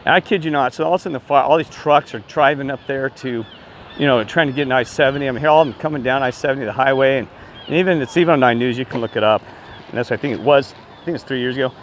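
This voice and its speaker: A man in a casual vlog, telling a meandering story in an excitable way and often voicing disbelief. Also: medium pitch, rapid-fire, slight background noise. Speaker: self-described street minister.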